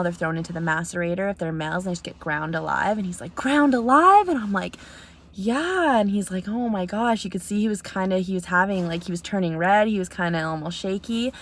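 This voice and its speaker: Young Canadian woman, slightly low voice, earnest casual vlogger retelling a chat with plenty of ums. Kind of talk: casual vlog storytelling. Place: outdoors in snow.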